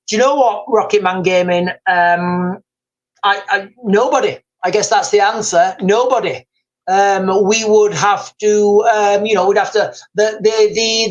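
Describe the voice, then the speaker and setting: Livestream host, higher voice, rambly, lots of ums, reads chat comments out at his desk mic. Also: fairly bright tone. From United Kingdom. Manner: rambling, hesitant, reads viewer comments aloud.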